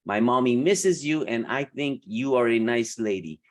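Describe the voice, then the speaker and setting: A man's voice: mid-range voice, moderate pace, pitched below the performer's own voice, natural voice. A man playing a sweet small child who pleads earnestly for mommy. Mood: pleading.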